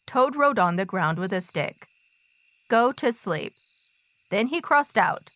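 A woman reading a children's storybook aloud in a slow, expressive way. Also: medium pitch, no room sound, clean studio sound.

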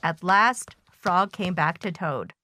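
A woman reading a children's story aloud in a gentle, measured way. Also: on the low side, animated.

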